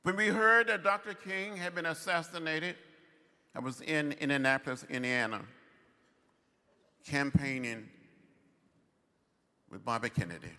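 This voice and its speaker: A man in his seventies giving a commencement address in slow, emphatic, measured phrases. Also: a little high, sharp tone. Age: 70s. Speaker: commencement speaker. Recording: long hall reverb.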